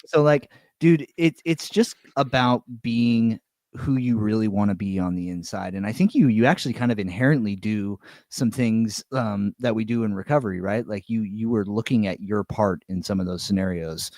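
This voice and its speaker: Chill podcast dude, lowish voice, cusses a lot, dry studio sound. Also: male voice, moderate pace, darkish tone, no room sound. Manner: laid-back, swears a lot, says "dude" often. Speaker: podcast co-host. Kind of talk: casual podcast chat.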